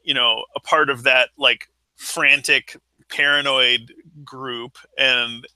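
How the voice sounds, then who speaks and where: A man's voice: medium pitch, level tone, slow pace, sharp tone, no echo, low-quality recording. A man in casual podcast chat, telling a rambling story with many halts and restarts.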